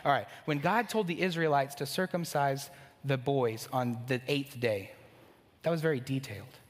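A man's voice: fairly high pitch, very animated, moderate pace. A man preaching a conversational sermon to a congregation, with asides to the room. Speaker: pastor. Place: church sanctuary. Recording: long hall reverb.

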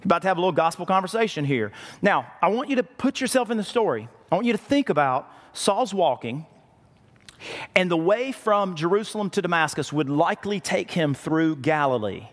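A man's voice: high voice, very animated, brisk, big-room sound. A man preaching a conversational sermon as pastor, often repeating words for emphasis.

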